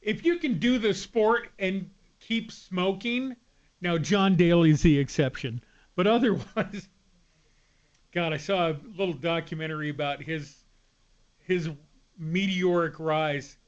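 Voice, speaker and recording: A man co-hosting a radio show, an animated storyteller bantering in the studio. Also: high voice, takes it slowly, dull audio. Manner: animated storyteller, laughs often. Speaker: radio co-host.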